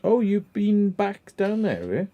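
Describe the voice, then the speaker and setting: A man's voice: sits high, wildly swooping pitch, unhurried, narrow, tinny audio. A man hosting a casual livestream chat, telling stories in a rambling way full of fillers. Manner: rambling storyteller, many fillers. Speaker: livestream host.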